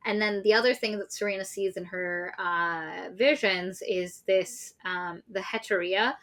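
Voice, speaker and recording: A woman co-hosting a podcast, casually recapping a novel in an animated, sweary way and briefly voicing the characters. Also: mid-range voice, measured pace. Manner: animated, sweary, acts out characters mid-summary. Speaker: podcast co-host. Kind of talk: casual book recap chat.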